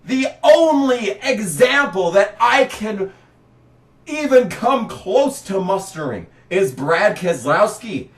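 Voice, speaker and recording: A man delivering a sarcastic, exasperated rant about motorsport, breaking into shouts now and then. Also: high-pitched, sing-song, slow, recorded from a distance. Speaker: racing commentary vlogger. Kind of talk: ranting commentary. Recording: roomy, set back from the mic.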